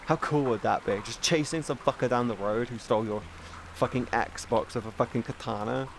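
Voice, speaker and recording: A man chatting casually on a live stream, rambling and excitable, swearing often and restarting sentences. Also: medium pitch, moderate pace, creaky, background noise.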